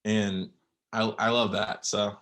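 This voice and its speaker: Bright-voiced young man, halting and tearful. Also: lowish voice, flat delivery. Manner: halting, many fillers and restarts. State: near tears. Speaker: podcast guest. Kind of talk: emotional personal storytelling.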